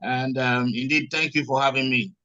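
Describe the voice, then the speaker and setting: A man's voice: medium pitch, steady tone, normal speed, sharp tone, no echo, lo-fi sound. A man moderating an online webinar, upbeat and using many fillers. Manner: upbeat, filler-heavy speech.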